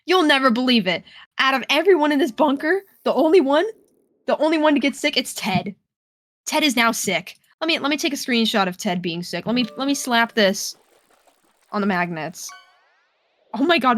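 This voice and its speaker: A woman's voice: a little high, expressive, normal speed, fairly bright tone, no echo. Playful woman streamer, dramatic and chatty. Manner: playful, dramatic, talks to chat. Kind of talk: casual live-stream chat, reading game text aloud.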